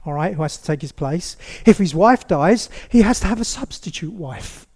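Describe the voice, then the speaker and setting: A male preacher with a notably high voice delivers a lively sermon in a church. He speaks straight to the congregation and acts out small scenes as he goes. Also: moderate pace. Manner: animated, acts out quotes, addresses the congregation directly.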